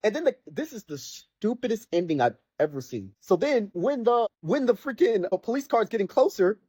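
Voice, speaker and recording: Podcast host, rambling rant, exasperated, husky voice, dry close sound. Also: mid-range voice, sing-song, a little fast, warm tone, no echo. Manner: rambling and exasperated, heavy on filler words; sarcastic mock voices when quoting characters. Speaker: podcast host reviewing a video game. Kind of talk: casual spoken rant.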